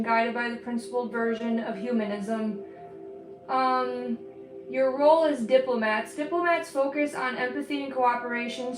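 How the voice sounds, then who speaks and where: High-pitched woman rambling to her stream while painting, roomy sound, soft music behind. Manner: chatty, rambling, laughs often. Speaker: livestreaming artist. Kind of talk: casual chat while painting. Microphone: streaming setup. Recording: roomy with faint background music.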